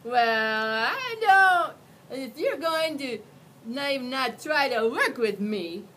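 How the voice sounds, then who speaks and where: A woman's voice: on the high side, slow, bright, forceful tone, pitched above the performer's own voice, heavily acted. A woman voicing a big, scruffy boy monster who slurps and whines. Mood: whiny. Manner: slurping, whiny.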